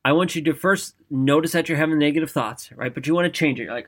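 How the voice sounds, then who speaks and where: A man giving an energetic, conversational motivational talk, often checking in with "right?". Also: on the high side, quick pace, few pauses. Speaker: motivational speaker.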